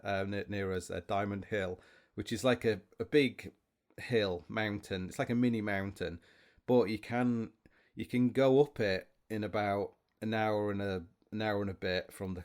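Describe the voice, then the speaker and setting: A man hosting a podcast alone, rambling through stories with many restarts and self-mocking asides. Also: lowish voice. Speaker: podcast host. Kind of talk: rambling solo chat.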